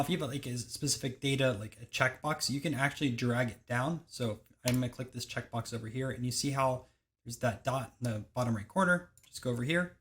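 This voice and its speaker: A man's voice: mid-range voice, fairly bright tone. Casual young man walking through a tutorial. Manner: brisk step-by-step instructions, casual phrasing. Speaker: software tutorial host. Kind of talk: screen-recorded software tutorial.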